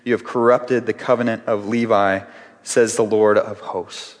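A man's voice: on the low side, flat delivery, a little slow, in a large hall. A man preaching a sermon with earnest, repeated phrases as he builds each point. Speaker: pastor.

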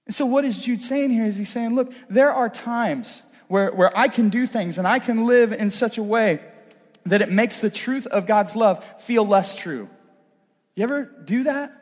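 A man preaching a sermon from a church stage, conversational and animated, acting out bits of dialogue. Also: sits high, unhurried. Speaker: pastor. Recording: long hall reverb.

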